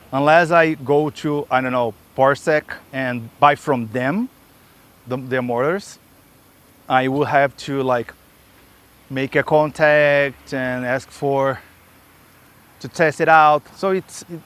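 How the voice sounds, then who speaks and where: A man's voice: medium pitch, fairly even intonation, slow pace, fairly bright tone, clean tone. A man vlogging while skating through an outdoor park, out of breath and rambling off topic, talking into a camera he holds or straps to his body. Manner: rambling, chatty, self-interrupting asides. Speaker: skate builder vlogger. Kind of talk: casual vlog while skating. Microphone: camera held in hand or strapped to body.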